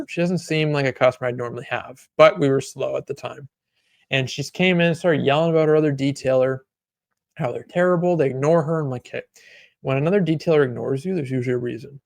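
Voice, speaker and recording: A man's voice: mid-range voice, creaky, dry recording. A man co-hosting a casual podcast about running a detailing business, telling rambling, sarcastic anecdotes. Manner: sarcastic, joking; rambling anecdotes full of acted quotes. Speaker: podcast co-host, auto detailing business owner.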